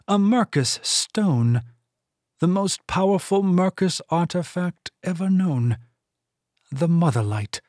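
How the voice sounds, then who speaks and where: Male narrator doing an imperious older woman leader for an audiobook; slow, lifted pitch, dry close sound. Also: lively intonation, a little mellow, no room sound. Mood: commanding. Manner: stern, imperious, measured. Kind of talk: audiobook character voice.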